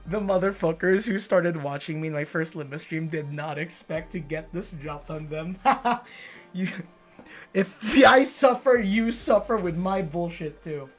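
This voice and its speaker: A woman's voice: fairly low pitch, a little slow, faint music behind. A woman in her twenties streaming a game, chatting casually and playfully, with lots of fillers and frequent swearing. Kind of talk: casual gaming stream commentary.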